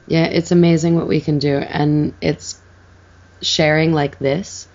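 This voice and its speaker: A woman's voice: sits low, flat delivery, measured pace, a little mellow, lo-fi sound. A woman hosting an interview show who answers her guest in an affirming, encouraging way. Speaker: show host. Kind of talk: interview conversation.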